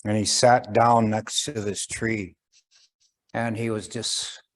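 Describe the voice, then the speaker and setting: Slow, gentle male storyteller. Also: fairly low pitch, little pitch movement. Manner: slow, gentle, pausing with fillers, voices characters. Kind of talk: traditional oral storytelling.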